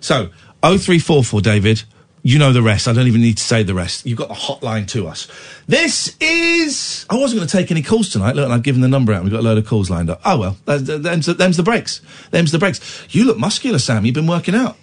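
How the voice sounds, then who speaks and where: Man, radio host, husky voice, lively swooping pitch, playful mock outrage, tired with a cold. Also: fairly quick. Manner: playful, mock-indignant, animated. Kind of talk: late-night radio chat.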